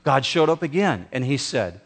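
Emphatic preacher, lively voice. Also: male voice, mid-range voice, slightly rough. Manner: slow, emphatic preaching with dramatic pauses. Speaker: pastor. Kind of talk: sermon.

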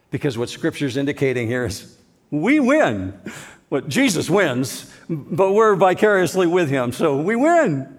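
A male pastor delivering a sermon, conversational yet strongly emphatic, leaning hard on key words. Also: a little high.

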